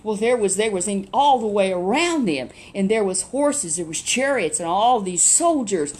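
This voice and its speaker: A woman casually retelling a Bible story, chatty and animated, with many rhetorical questions. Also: medium pitch, normal speed.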